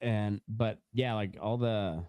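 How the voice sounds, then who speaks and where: Young guy hosting a podcast, rambles n laughs a lot, smooth clear voice, dead dry close mic. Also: on the low side, steady tone, takes it slowly, dark tone, dry recording. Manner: rambling, laughs a lot, many fillers and restarts. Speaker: podcast host. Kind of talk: casual podcast chat.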